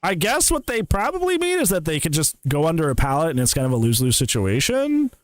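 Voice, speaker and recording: A man's voice: fairly high pitch, huge pitch swings, fast, no echo. A reaction streamer, a man, teasing and sarcastic as he mocks a clip, laughing between remarks. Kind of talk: mocking reaction commentary.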